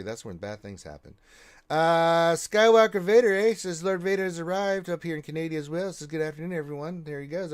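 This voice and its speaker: Man, gaming stream host, reads chat aloud, lively swooping voice, fairly high, loud shout-outs. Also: clear, resonant tone. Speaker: livestream host reading chat.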